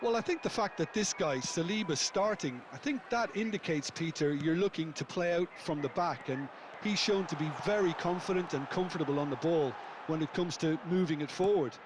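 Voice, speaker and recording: A man's voice: on the high side, close to an everyday voice. A man as a thoughtful football pundit. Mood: analytical. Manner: explanatory, measured. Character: adult male football co-commentator, analytical. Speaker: co-commentator. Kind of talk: scripted sports analysis. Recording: game audio with noise behind.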